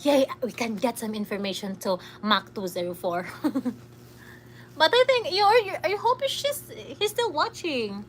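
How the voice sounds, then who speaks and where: Filipino woman livestreamer, high-pitched and slow-spoken, chatty and giggly. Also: very animated, slight background noise. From Philippines. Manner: giggly, chatty, reads comments aloud. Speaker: livestreamer reading chat. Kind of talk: casual livestream chat.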